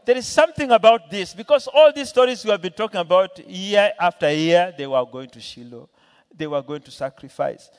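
A man preaching in a church hall, his voice sitting high for a man and ringing out with a long reverb. He tells a Bible story with swings in pitch and loudness, acting out the characters and calling questions to the congregation. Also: animated, a little fast, smooth. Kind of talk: sermon.

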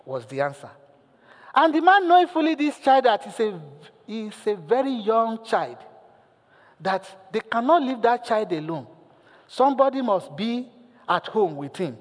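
A male pastor preaching a sermon, telling a story with lively acted lines and putting questions to the congregation. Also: high-pitched, a little slow, long pauses, long reverb tail.

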